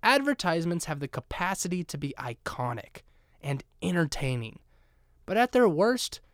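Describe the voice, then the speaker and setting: A young man hosting a solo podcast, talking in a playful, sarcastic and animated way. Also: on the high side, normal speed, no echo, studio quality. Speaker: podcast host.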